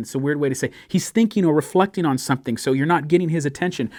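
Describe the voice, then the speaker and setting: A man's voice: mid-range voice, fast talker, few pauses, no room sound, studio quality. A male pastor preaching a sermon. He reads scripture with rising emphasis and explains it in a conversational way. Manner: acts out sarcastic and pleading voices in quotes.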